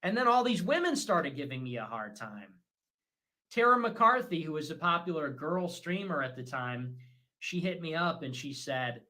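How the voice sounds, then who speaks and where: A man hosting a livestream show, talking in a rambling, combative monologue that swings from loud bursts to low mutters. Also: lively intonation, normal speed. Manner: self-assured, talks in repeated short phrases.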